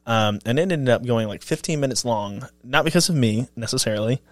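A man, a pastor co-hosting a church podcast, talking in a relaxed, self-deprecating way. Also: mid-range voice, fairly quick, dry recording. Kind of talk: casual chat about sermons.

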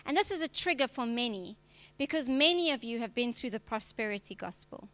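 A woman's voice: on the high side, expressive, fairly quick, fairly bright tone, no room sound. A woman preacher, giving a direct, emphatic sermon with touches of humor. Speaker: preacher and church leader.

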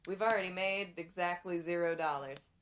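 A woman's voice: lowish voice, normal speed, fairly bright tone, a little hiss or hum. A young woman co-hosting a podcast in casual chat, thoughtful and rambling. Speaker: podcast co-host.

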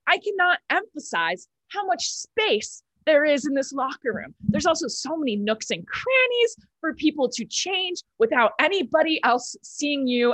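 Young woman, about nineteen, higher voice, dry laptop-mic sound, chatty self-mocking stand-up host. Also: normal speed, hardly any pauses, dry recording, rough recording. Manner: chatty, self-mocking, exaggerated deadpan bragging. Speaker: comedy club host. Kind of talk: casual chat and stand-up set. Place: at home on a video call. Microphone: laptop mic on a video call.

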